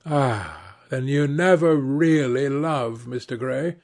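A man's voice: medium pitch, animated, takes it slowly, darkish tone. A man reading aloud and voicing a flirtatious, witty aristocratic duchess with an arch, teasing manner. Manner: teasing, mock-sad, arch.

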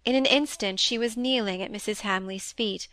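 A woman narrating a classic novel in a measured, even storytelling manner. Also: medium pitch, dry recording. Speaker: audiobook reader. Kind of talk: scripted narration.

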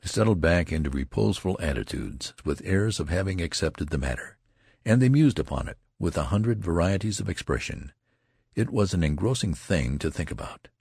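A man reading a classic novel aloud as an audiobook narrator, expressive and unhurried. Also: sits low, slightly rough, dry recording, studio quality.

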